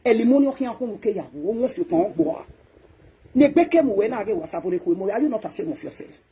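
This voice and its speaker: Speaking fast in an animated, mid-range voice with a breathy edge, this Nigerian-accented woman hosts a social media talk show. Her monologue is a scolding rant that alternates between loud outbursts and quiet muttering.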